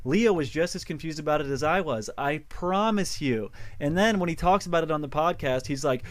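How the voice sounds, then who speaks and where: A man's voice: fairly high pitch, animated, fairly quick, hardly any pauses. A young man telling his side of a falling-out in an aggrieved, storytelling way. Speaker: YouTuber narrating his side. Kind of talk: video narration.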